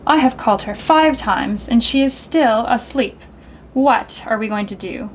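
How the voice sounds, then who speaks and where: A woman voicing a worried mother at storytime, soft and fretful. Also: fairly high pitch, a little slow, slight background noise, close to an everyday voice. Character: worried mother of a sleepy girl.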